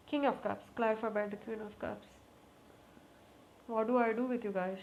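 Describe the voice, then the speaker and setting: A woman giving a casual tarot reading to camera, talking to the cards, repeating requests and exclaiming with excitement. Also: on the high side, normal speed, long pauses. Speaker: tarot reader. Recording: slightly muffled, faint background noise.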